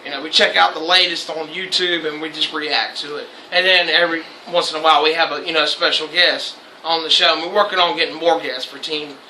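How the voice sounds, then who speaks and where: Brief: young male host, high gravelly voice, swears and laughs freely. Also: fairly even intonation, quick pace, few pauses, sharp tone, slight background noise. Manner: loose, swearing, laughs often. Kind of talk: casual chat. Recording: echoey room.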